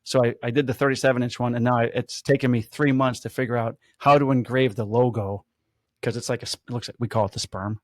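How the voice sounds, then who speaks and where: Man, 50s, lively storyteller, dry close sound. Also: mid-range voice, quick pace, no room sound. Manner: animated storyteller, acts out quotes. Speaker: podcast host, police officer. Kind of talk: casual storytelling chat.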